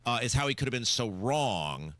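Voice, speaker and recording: A man's voice: mid-range voice, big pitch swings, moderate pace, a bit bright, no echo. A man co-hosting a talk radio show, giving blunt, sarcastic opinion commentary from a studio microphone.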